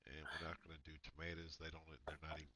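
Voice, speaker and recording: A man streaming a farming game, talking casually through his in-game choices with halting restarts. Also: a bass voice, monotone, pushed and bright, a little hiss or hum. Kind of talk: casual gameplay chat.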